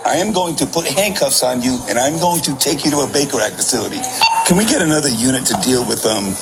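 A man's voice: mid-range voice, animated, fast. A male police officer giving firm commands during an arrest. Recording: bodycam footage with loud noise.

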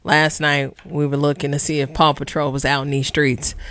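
A woman's voice: sits low, level tone, normal speed, a bit bright. A woman hosting a radio talk show, chatting conversationally and speaking directly to listeners. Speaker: radio host. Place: radio studio. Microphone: studio microphone.

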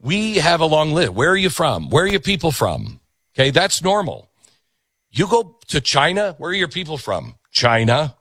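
Animated male talk-show host. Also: mid-range voice, dry recording. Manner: animated, conversational, acts out quoted voices.

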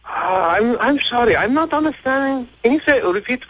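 A man's voice: very high voice, animated, exaggerated voice, low-quality recording. A man doing a touchy restaurant owner. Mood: confused, offended. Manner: broken English, quick to take offense, shouts back. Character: flustered male Korean restaurant owner, easily offended. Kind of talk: radio prank call.

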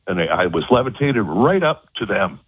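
A man's voice: on the low side, big pitch swings, breathy edge, no room sound. Earnest man on a tinny phone line. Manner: halting, repeats words, earnest. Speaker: guest recounting an abduction experience. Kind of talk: phone-in interview. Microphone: telephone.

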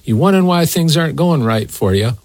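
A man's voice: on the high side, animated, fairly quick, darkish tone, no room sound. A man preaching a sermon in a folksy, emphatic way, often turning to address a co-host by name.

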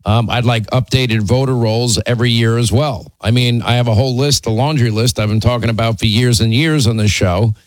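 A man's voice: medium pitch, fairly even intonation, a little fast, hardly any pauses, dry recording, rough recording. A man hosting a call-in talk radio show, speaking in a firm, plainspoken way and often repeating himself to make a point.

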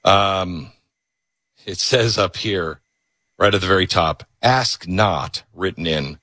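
A man's voice: low voice, slow pace, pushed and bright, no room sound. A man hosting a talk radio show, delivering a sarcastic political rant from a studio microphone and mocking others in put-on voices. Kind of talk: ranting political monologue. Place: broadcast studio.

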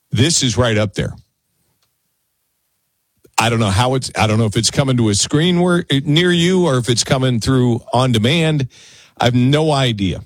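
A male radio talk show host delivers a casual monologue into a studio broadcast mic, stammering and repeating words when he gets excited. His medium-pitched voice has a breathy edge, with no room sound.

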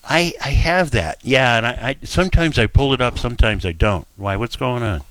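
A man hosting a call-in radio show, brisk and jokey as he chats with callers. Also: medium pitch, animated, fairly bright tone, no room sound. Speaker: radio talk show host.

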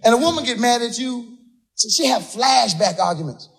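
A man doing a stand-up comedy set, exasperated, shouting his punchlines and laughing through them. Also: extremely high pitch, lively intonation, moderate pace, vocal fry. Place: comedy club stage. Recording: live club audio with crowd noise. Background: audience laughter.

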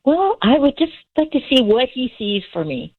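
A woman's voice: sits high, sing-song, moderate pace, slightly rough. A woman in her seventies calling in to a radio show, chatting and giggling as she rambles through a story. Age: 70s. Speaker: caller. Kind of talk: chatty phone-in. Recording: dull phone line.

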